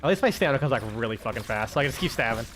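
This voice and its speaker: A tired man chatting casually while streaming a game, rambling and excitable, swearing and laughing often. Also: mid-range voice, racing, slight background noise. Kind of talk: casual gaming stream chat.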